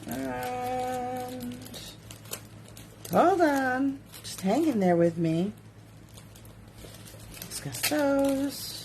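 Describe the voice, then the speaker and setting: A woman's voice: sits high, drawn-out words, vocal fry, long pauses, darkish tone, slight background noise. A woman who makes jewelry, hosting a casual live sales stream from her studio. She chats, giggles and reads viewer comments aloud. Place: home studio.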